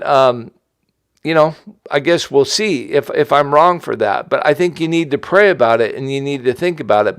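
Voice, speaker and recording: A man's voice: on the high side, smooth, no echo. A middle-aged man from the United States hosts an investment update, talking in a rambling, casual monologue full of restarts and asides. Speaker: host giving an investment update.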